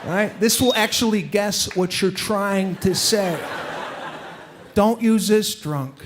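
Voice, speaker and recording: A man doing stand-up comedy, telling stories in an animated, exasperated way before a live audience. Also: high-pitched, takes it slowly. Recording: echoey hall with live crowd and noise. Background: audience laughter.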